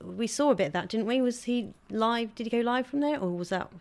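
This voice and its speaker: A woman's voice: on the high side, lively intonation, a little fast, creaky, darkish tone. A woman co-hosting a casual live show, reading out viewer names and greetings. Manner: reads out viewer names and greetings, laughs often. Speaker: co-host reading chat messages.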